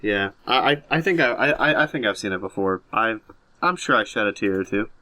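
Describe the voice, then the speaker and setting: A man's voice: on the low side, expressive, brisk, pushed and bright, dry recording. A man chatting on a podcast who hesitates and stammers through his sentences. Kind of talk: casual podcast chat.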